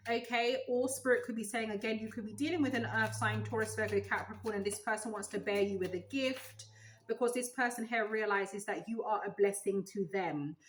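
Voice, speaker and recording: A woman giving a tarot reading, musing aloud in a loose, animated way. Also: mid-range voice, a little hiss or hum, low-quality recording. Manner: animated, musing aloud, breaks into sung gospel snippets. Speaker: tarot reader.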